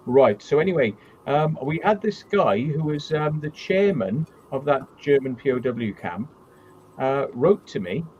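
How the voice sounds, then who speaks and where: A man's voice: medium pitch, expressive, measured pace, a little mellow, highs cut off, a little hiss or hum. A man hosting a casual live-stream chat. He tells stories bluntly and swears a lot. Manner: blunt storyteller with heavy swearing. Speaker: channel host.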